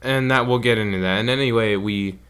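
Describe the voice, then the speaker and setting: A man with a low, smooth, clear voice chats on a podcast. He rambles through a travel story in a loose, casual way. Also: a little fast. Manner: rambling, animated retelling with acted quotes. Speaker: podcast co-host.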